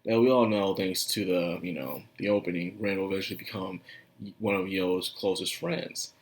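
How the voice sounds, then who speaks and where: Low-voiced man rambling through an anime review. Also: normal speed. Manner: rambling, chatty, laughs often. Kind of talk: casual video review.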